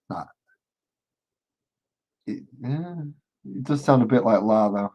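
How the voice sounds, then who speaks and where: A man's voice: medium pitch, animated, takes it slowly, highs cut off. A man casually chatting with his live-stream viewers while he paints miniatures, rambling and joking along the way.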